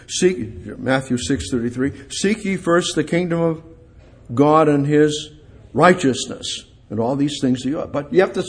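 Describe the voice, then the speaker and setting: Husky-voiced male preacher. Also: on the high side. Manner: preaching with dramatic voiced dialogue, rising to emphatic peaks. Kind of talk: sermon.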